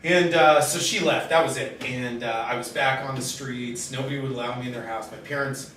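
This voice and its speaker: A middle-aged man telling his own life story in a halting, candid way, with many pauses and fillers. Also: mid-range voice. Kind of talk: personal storytelling in conversation. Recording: very echoey room, distant mic, steady background noise.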